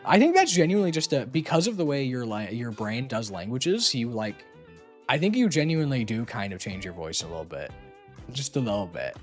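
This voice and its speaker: A young adult streamer chats loosely and casually, teasing, laughing a lot and swearing now and then. Her speech is sing-song and a little fast, swinging widely up and down within a middle register. Faint music plays quietly underneath.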